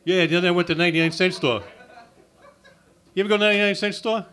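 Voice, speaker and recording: Man, stand-up comic, abrasive, sarcastic, fairly high voice, club stage mic. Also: lively intonation, very fast, a bit bright. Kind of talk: insult stand-up routine. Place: comedy club open mic.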